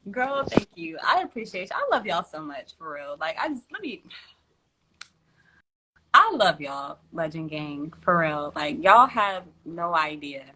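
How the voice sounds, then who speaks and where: A woman's voice: on the low side, very animated, a little slow, bright, forceful tone, a little hiss or hum. A woman hosting a tarot livestream from home, chatting casually in slang, laughing often and reading out viewer comments.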